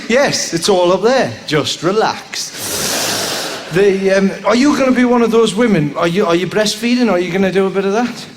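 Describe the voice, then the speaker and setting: A man's voice: high-pitched, expressive, a little fast. A man doing stand-up crowd work on a theatre stage, rambling and jumping into squeals and silly voices. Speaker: stand-up comedian. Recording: live show recording with noise behind.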